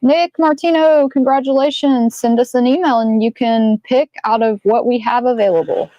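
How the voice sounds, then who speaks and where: A woman co-hosting a casual livestream, relaxed, reading out viewer comments. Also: a little high, moderate pace, no room sound, highs cut off. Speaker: livestream co-host reading chat.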